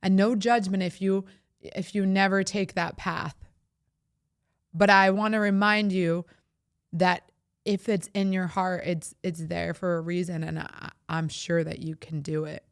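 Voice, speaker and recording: A woman's voice: on the low side, fairly even intonation, measured pace, dry recording, studio quality. A woman, hosting a podcast and speaking in a heartfelt, reflective way, often laughing as she talks. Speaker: podcast host. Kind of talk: personal reflective monologue.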